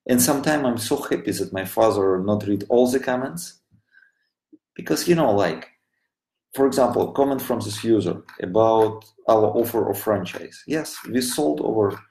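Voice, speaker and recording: A man with a Russian accent talks to his viewers in a live broadcast from a studio. His low voice has a gravelly edge, and the echo of the room hangs around it. He speaks earnestly and keeps his voice down. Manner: earnest, impassioned non-native English with frequent "you know"; speaking quietly so a child can sleep. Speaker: studio representative addressing viewers. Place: home studio.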